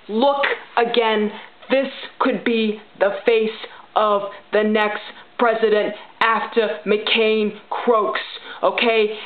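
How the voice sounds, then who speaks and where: A brash, profane, chain-smoking middle-aged mom, as a woman puts her on, ranting bluntly and somewhat high-pitched. The sound is thin and phone-like, bouncing around an echoey room. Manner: blunt, ranting, profane, keeps saying okay. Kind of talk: character vlog monologue.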